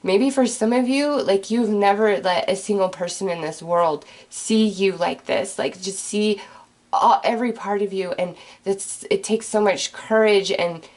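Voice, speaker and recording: A woman's voice: medium pitch, measured pace, a little mellow. A woman giving a tarot reading, talking in an earnest, gushing, chatty way with many fillers, tearful and choked up. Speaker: tarot reader. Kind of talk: emotional tarot reading monologue.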